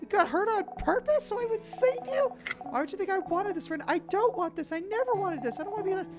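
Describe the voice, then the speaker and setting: An upset young child scolds a friend in a high, tearful shout, swooping all over its pitch, as a woman puts it on while reading game dialogue. Game music plays behind. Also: animated, quick pace. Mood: hurt, angry.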